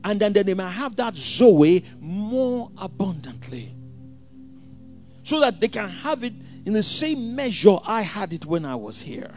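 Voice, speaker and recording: A man preaching a sermon, swinging from hushed asides to shouted scripture quotes. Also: high voice, sing-song, unhurried, soft background music.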